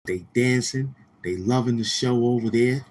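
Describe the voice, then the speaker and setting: A man's voice: mid-range voice, moderate pace, a little mellow, slight background noise. A man hosting a livestream, ranting loosely with restarts and mocking quoted voices. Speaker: livestream host. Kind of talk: casual livestream rant.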